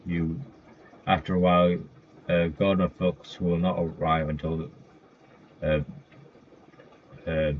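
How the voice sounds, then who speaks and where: Low-voiced rambling man, lo-fi recording. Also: level tone, slow, pauses often. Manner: rambling, with frequent fillers and self-corrections. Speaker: commentator. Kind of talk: casual list-style commentary. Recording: dull lo-fi mic with faint noise.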